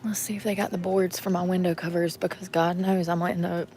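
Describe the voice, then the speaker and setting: A woman's voice: lowish voice, little pitch movement, brisk, noisy background. Blunt woman vlogging while shopping. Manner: blunt, rambling, muttering to herself while shopping. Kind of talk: casual vlog talking to viewers. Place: inside a store.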